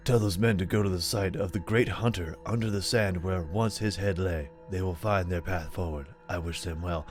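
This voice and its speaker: A man voicing a mysterious local caller who speaks in low, cryptic murmurs. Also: normal speed, faint music behind, natural voice.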